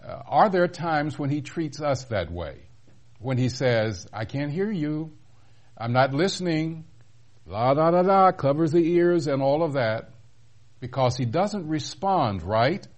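A man hosting a religious television program, preaching in a relaxed, conversational way. He asks his viewers rhetorical questions as he goes. His voice sits in a middle range. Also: mid-range voice. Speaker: host and preacher. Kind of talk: televised sermon.

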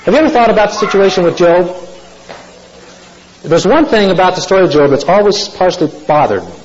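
A man's voice: sits high, very animated, fast, lo-fi sound. A man preaching to a congregation, telling folksy stories and asking the listeners questions. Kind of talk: sermon.

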